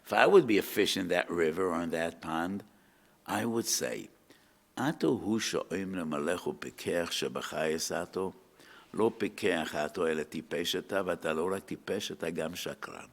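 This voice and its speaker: A man's voice: low-pitched, moderate pace, creaky. An older man giving a rabbinic lecture, telling stories, quoting Hebrew texts and asking his listeners questions. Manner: storytelling, asks the audience questions, mixes in Hebrew quotes. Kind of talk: lecture to an audience.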